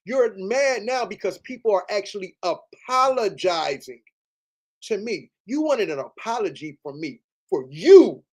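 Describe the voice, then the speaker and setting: A man's voice: high voice, big pitch swings, unhurried. A man hosting a livestream, ranting in a heated, profane, repetitive way. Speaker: livestream host. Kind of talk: livestream rant.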